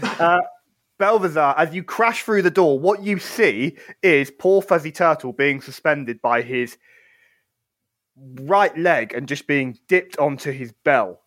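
A man narrates a tabletop game as its game master, playful and quick to laugh. His voice sits a touch high and the recording is dry and close. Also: fairly bright tone, no room sound.

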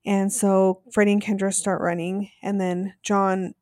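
A woman's voice: medium pitch, level tone, measured pace, darkish tone, no room sound, clean studio sound. A woman co-hosting a podcast, casually and animatedly retelling a reality show episode, saying "like" often. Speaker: podcast co-host.

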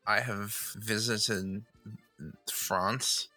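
A man co-hosting a film podcast, with a lowish voice and a bright, forceful tone. He gives dry, understated replies in casual chat. The recording is close and dry, with faint music underneath. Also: steady tone, drawn-out words, no echo. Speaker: podcast co-host.

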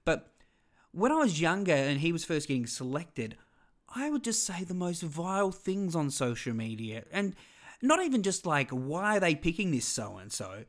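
A man's voice: on the high side, very animated, normal speed. An Australian man in his thirties hosting a solo podcast, talking in a rambling, self-deprecating way full of digressions. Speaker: podcast host.

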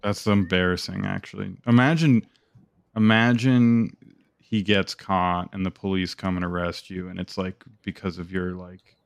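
Low-voiced young man rambling in casual chat. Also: completely flat delivery, moderate pace, vocal fry, no echo. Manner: rambling, profane storytelling with lots of fillers. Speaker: podcast co-host.

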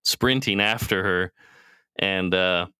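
Here a man co-hosting a podcast rambles through a TV show's plot, swearing freely and performing the characters' dialogue. His low voice moves slowly and sounds bright, forceful, clear and resonant, captured dry in a clean studio.

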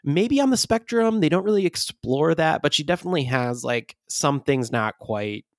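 Expressive and fairly high in pitch, a male podcast co-host talks at a moderate pace in casual chat. He rambles, uses many fillers and laughs frequently, and the clean studio recording has no room sound.

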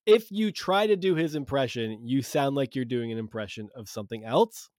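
A man's voice: mid-range voice, expressive, moderate pace, darkish tone, dry recording. Dry-sounding man in joking podcast chat. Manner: jokey, rambling, does mocking voices. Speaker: podcast co-host. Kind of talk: casual comedic chat.

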